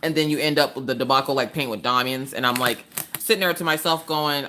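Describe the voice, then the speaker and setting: A woman hosting a laid-back craft livestream, talking straight to her viewers. Her voice has a bright, crisp edge. She rambles in a chatty way and slips into exasperated rants full of rhetorical questions. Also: very deep voice, quick pace. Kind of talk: casual chat with live viewers. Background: chewing ice between sentences.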